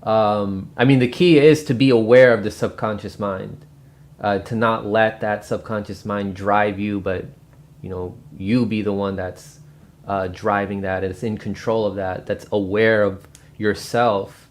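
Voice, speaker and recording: A man's voice: lowish voice, steady tone, a little slow. A man hosting his own channel, recommending and explaining a book in a loose, casual way with lots of fillers and restarts. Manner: rambling, many fillers and restarts. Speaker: book review host. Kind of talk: casual spoken book review.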